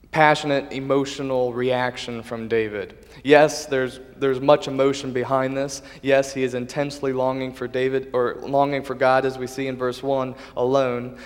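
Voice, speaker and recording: Earnest preacher in a reverberant hall. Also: male voice, mid-range voice. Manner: earnest, measured, with small restarts. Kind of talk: sermon.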